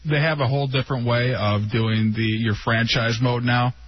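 Male co-host, mid-pitched, wisecracking, dull lo-fi radio sound. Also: fairly even intonation, moderate pace, slight background noise. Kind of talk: radio banter.

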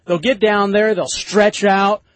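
A man's voice: high voice, level tone, unhurried, no room sound. A man hosting a talk radio show, joking crudely in casual banter and sometimes laughing at his own lines.

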